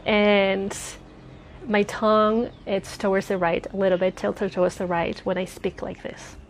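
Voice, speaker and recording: A woman's voice: medium pitch, little pitch movement, measured pace, a little hiss or hum. Earnest woman in her thirties with a slight lisp. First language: Spanish. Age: 30s. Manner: earnest, rambling, laughs often. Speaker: spiritual vlogger. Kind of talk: casual personal talk. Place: outdoors near a road. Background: passing cars.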